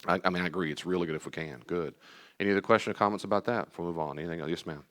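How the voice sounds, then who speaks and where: A man counseling and teaching a live class on anxiety, talking to the audience in an animated, emphatic way and repeating key phrases. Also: low voice, racing. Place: meeting room with live audience and online viewers.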